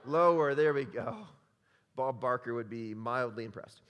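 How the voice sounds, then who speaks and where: A man's voice: mid-range voice, measured pace, fairly bright tone. A male pastor preaching a sermon, emphatic and conversational, quizzing the congregation with repeated questions. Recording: long hall reverb.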